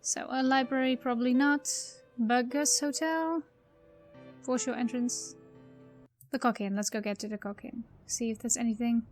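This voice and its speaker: A woman's voice: a little high, fairly even intonation, normal speed, faint music behind. A woman doing let's play commentary, rambling and thinking aloud as she plays. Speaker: video game player.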